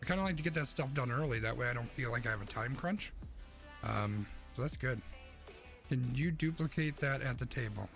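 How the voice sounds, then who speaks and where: A young male streamer rambles casually to his chat while playing, his voice carrying some gravelly fry. Game music sits clearly behind him on a home streaming mic. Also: medium pitch, brisk, fairly bright tone. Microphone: streaming mic through a mixer. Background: game music and game sounds.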